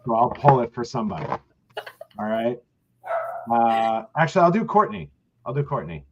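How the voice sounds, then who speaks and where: A man of middle pitch joking around on a casual live stream. His voice comes through a slightly dull mic with faint noise underneath. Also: wildly swooping pitch, moderate pace. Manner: joking, riffs playfully. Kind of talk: casual livestream chat.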